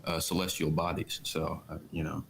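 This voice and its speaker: A man's voice: extremely low pitch, level tone, moderate pace, gravelly, noisy background. A man on a casual panel who speaks hesitantly, searching for words. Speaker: panel guest.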